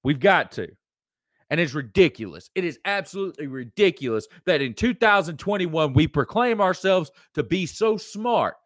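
A Southern American host rants on a live stream, preachy and emphatic, repeating lines for effect. His voice is a little high and animated at a moderate pace, recorded in clean studio sound with no room echo.

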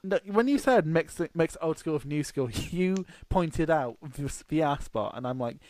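Chatty higher-voiced man. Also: a little slow, hardly any pauses, dry recording. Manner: swears freely, animated storytelling with laughs. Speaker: podcast co-host. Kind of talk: casual chat.

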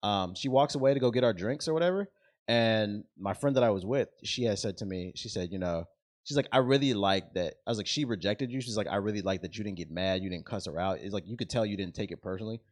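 A man chatting casually, telling stories in relaxed slang. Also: fairly low pitch, fast. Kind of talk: casual chat.

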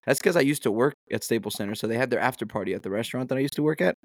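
A young man on a casual podcast, telling stories in a relaxed, laid-back way and swearing freely. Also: mid-range voice, racing, no echo. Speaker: podcast co-host. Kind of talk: casual chat.

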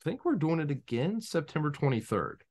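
A man's voice: a little high, moderate pace. A man on a podcast, chatting casually and telling rambling stories as a game master, acting out the voices of people he quotes. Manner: animated storyteller who acts out quoted voices; rambling with frequent restarts.

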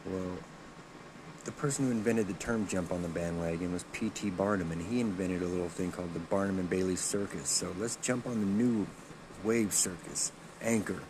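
A man with a low voice reads a sponsor spot in a relaxed, plain way, with a few fillers along the way. There is clear background noise behind him throughout. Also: normal speed. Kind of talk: casual ad read.

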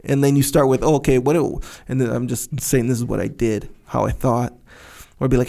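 A man co-hosting a podcast, thinking out loud in a loose, rambling way with many restarts. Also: medium pitch, steady tone, a little fast, gravelly. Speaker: podcast co-host. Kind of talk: casual podcast discussion.

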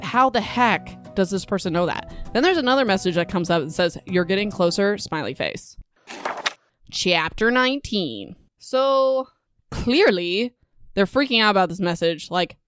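A woman's voice: lowish voice, moderate pace, clear, resonant tone, no room sound, faint music behind. Chatty young woman recapping a book. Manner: chatty, rambling, animated asides. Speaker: book podcast host.

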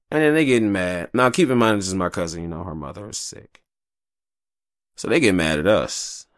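Low gravelly man, rambling podcast talk. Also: no room sound, studio quality. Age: adult, married with kids. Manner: rambling, profane, animated, jumps into high-pitched quoted voices. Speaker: podcast host. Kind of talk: casual solo podcast monologue.

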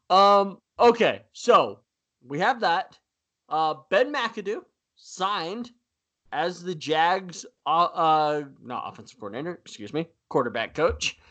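A man co-hosting a casual sports podcast, talking in an animated way with frequent fillers and easy laughter. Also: fairly high pitch, slow pace. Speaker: podcast co-host.

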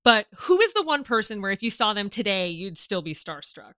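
A woman's voice: medium pitch, sing-song, brisk, pushed and bright. A young woman hosting a casual interview, gushing and enthusiastic. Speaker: podcast host.

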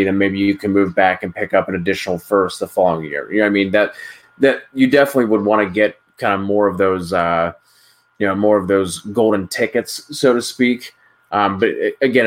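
A man co-hosting a fantasy sports podcast, talking loosely with many fillers like "like" and "you know". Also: sits low. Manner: rambling, lots of "like" and "you know". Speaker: podcast co-host. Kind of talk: casual podcast chat.

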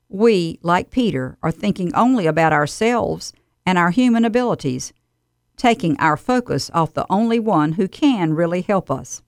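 A woman delivering a scripted radio devotional in an earnest, steady, exhorting manner. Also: fairly low pitch, dry recording, clean studio sound.

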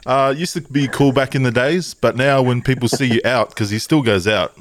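A man from Tonga co-hosting a podcast, laid-back and quick to laugh in casual banter. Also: medium pitch. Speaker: podcast co-host.

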